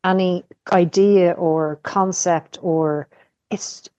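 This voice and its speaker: A woman speaking as a podcast guest in casual chat, candid and searching for words, pausing and restarting. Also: lowish voice, steady tone, mellow, no echo, lo-fi sound.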